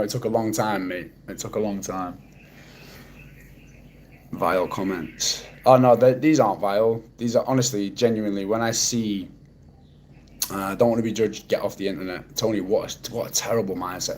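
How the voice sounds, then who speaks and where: This is a man from Manchester with a low, deep voice, talking loosely to his livestream viewers. He reacts to comments in a laid-back, dry and sarcastic way and swears casually as he goes. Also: moderate pace, a little mellow, slight background noise. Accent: Mancunian. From Manchester, England. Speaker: livestreamer reading chat. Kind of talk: casual live-stream chat.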